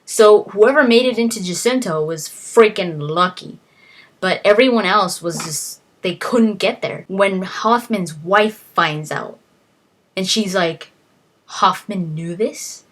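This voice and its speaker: A woman's voice: medium pitch, a little slow. A young woman casually retelling a novel's plot, rambling and quoting the characters with "he's like" as she goes. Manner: rambling, quotes characters with "he's like", frequent restarts.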